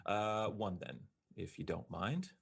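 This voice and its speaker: A deep-voiced man plays a tabletop game. He talks through his moves slowly and tentatively, with frequent ums. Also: very animated, creaky, husky. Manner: hesitant, tentative. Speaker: player.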